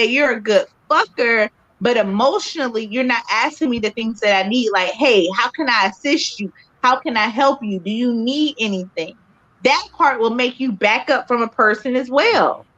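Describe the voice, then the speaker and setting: A woman's voice: fairly high pitch, a bit bright, no echo, muffled recording. A woman co-hosting a casual radio talk show, speaking frankly and from the heart, swearing freely.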